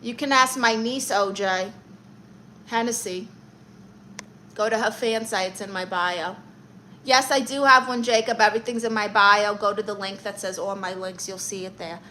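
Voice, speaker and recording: Brief: bright-voiced, sassy New woman, comic live-stream auntie teasing her chat, faint room hiss. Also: medium pitch, fairly even intonation, normal speed, poor audio. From Brooklyn, New York. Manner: sassy, teasing, calls viewers honey and darling. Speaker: livestream host playing an aunt character.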